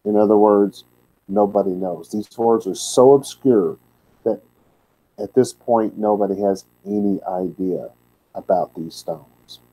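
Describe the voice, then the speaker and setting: A man's voice: fairly low pitch, unhurried, warm tone, poor audio. A man teaching a word-by-word scripture lesson, plainspoken, with candid asides. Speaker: Bible teacher.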